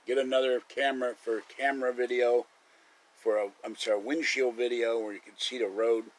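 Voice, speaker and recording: A man's voice: medium pitch, little pitch movement, a little fast, poor audio. A man hosting a live stream, rambling through casual stories and chuckling often. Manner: chatty storyteller, chuckles often.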